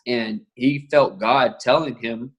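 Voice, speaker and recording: A man from Texas, a guest on a faith talk show, speaks in a husky voice at an average pitch. He is emotional and holds back tears, so his speech comes out halting and apologetic. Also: a bit bright. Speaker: guest, father.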